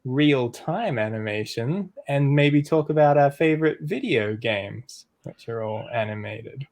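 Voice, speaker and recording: A man hosting a relaxed podcast chat. His speech is loose and rambling, full of small fillers, and he keeps nudging the group on to the next topic. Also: medium pitch, measured pace, no echo. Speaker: podcast host. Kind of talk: casual chat.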